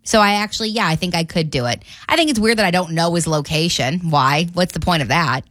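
Female radio host, lower pitch, dry studio sound, talkative. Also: brisk, dry recording. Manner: chatty, animated storytelling. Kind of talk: casual morning radio banter.

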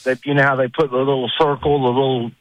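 A man calling in to a radio show, talking in a halting way, with restarts and trailing phrases. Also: mid-range voice, flat delivery, dry recording, rough recording. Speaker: caller. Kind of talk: phone-in chat.

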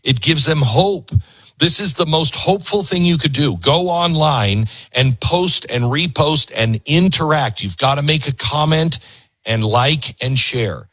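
A man's voice: fairly high pitch, unhurried, husky, no echo. A man hosting a talk show, speaking emphatically to an audience and stopping clips to comment. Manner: animated, stops clips to comment.

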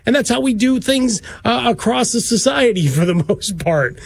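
A man's voice: very high-pitched, expressive, normal speed, creaky, breathy edge, dry recording. A man co-hosting sports talk radio, rambling through his point with rhetorical questions.

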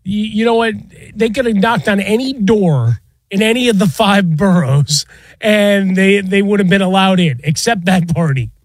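A man's voice: sits high, lively intonation, normal speed, no room sound. A man co-hosting a sports show, chatting in a wry, teasing way. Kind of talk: casual sports banter.

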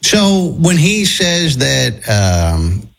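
A man's voice: mid-range voice, very animated, very slow, gravelly. A man hosting a casual talk show, steering the chat and playing clips. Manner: loose, conversational, plays clips. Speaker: host.

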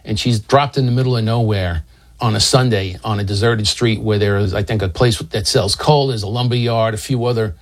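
A man's voice: on the low side, fairly even intonation, brisk. A man recounts a historical incident in an easygoing storytelling manner. He explains as he goes and drops in small asides and restarts, keeping it conversational rather than scripted.

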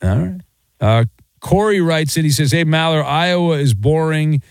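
A man hosting sports talk radio, joking with callers in quick banter. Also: on the high side, lively intonation, dry recording. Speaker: radio host.

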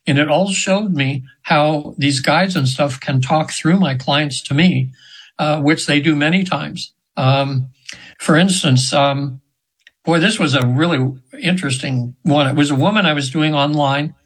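A man's voice: a little high, measured pace, fairly bright tone, slightly rough, poor audio. A man in his seventies telling stories in an earnest, rambling way, with many fillers and restarts, as an interview guest. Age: 70s. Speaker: guest hypnotherapist. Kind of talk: casual storytelling in an interview.

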